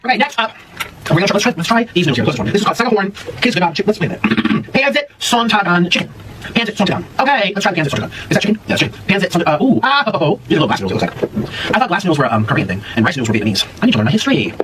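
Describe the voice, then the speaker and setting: A man vlogging as he tastes food, chatting casually in an animated, dramatic, jokey way. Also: high-pitched, very fast. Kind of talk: casual food tasting chat. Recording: distant mic with clear background noise.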